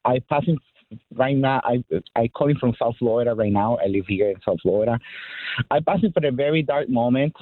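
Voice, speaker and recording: A male caller with a non-native English accent, speaking haltingly and emotionally on a call-in radio show, with many restarts. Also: mid-range voice, slight background noise. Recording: tinny phone line.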